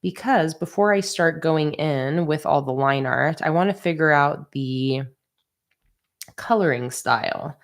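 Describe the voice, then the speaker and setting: A woman with a deep voice speaks at a measured pace while livestreaming her sticker designing. She chats casually as she draws, reading viewer comments aloud and laughing easily.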